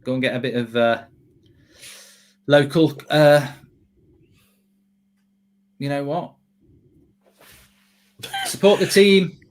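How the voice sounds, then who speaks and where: A man hosting a live football watchalong, chatting excitedly with frequent restarts. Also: a little high. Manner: excitable, quick restarts and self-corrections. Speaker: host.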